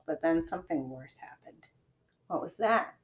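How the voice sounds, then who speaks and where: A woman reading a children's chapter book aloud in a gentle storytelling manner, dropping to quiet whispers at times. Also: low-pitched, expressive, moderate pace. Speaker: reader.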